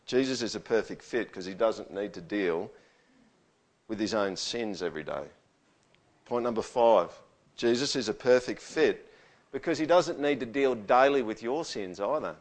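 Male pastor, casual conversational sermon, animated in quotes. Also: on the low side, normal speed. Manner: conversational, animated when quoting.

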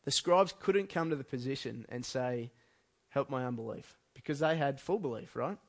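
A man's voice: medium pitch, animated, moderate pace, gravelly. Man preaching a chatty sermon. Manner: conversational, with frequent restarts and fillers.

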